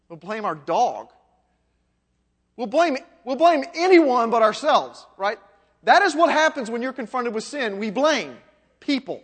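Man, pastor, high voice, conversational sermon, rhetorical questions, long hall reverb. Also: very animated, unhurried, a bit bright.

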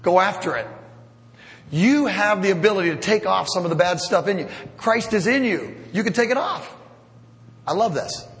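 In a church sanctuary, a middle-aged pastor delivers a sermon in a conversational, self-deprecating style, tossing in humorous asides. His high voice is expressive and fairly bright, moving at a normal speed. The long reverb of the church hall carries through the recording.

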